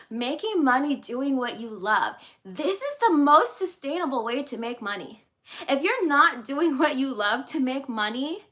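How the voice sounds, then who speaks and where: Bubbly high-voiced woman coach. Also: pushed and bright. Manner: bubbly, laughs often, chatty asides. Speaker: life and business coach. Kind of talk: casual talk to camera.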